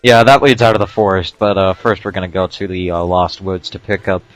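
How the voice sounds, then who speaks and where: A man with a fairly low voice talks casually over gameplay. He explains tips in a relaxed way, drops in dry asides and stops for an "uh" now and then. Faint game music plays underneath. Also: fairly quick. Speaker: let's play commentator.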